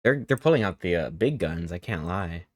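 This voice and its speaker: A woman's voice: rumbling low, expressive, moderate pace, no echo. A woman streaming a game, chatting casually and joking with her viewers. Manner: joking, chatty, reacting to chat. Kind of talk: casual live-stream chat. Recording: game music playing behind.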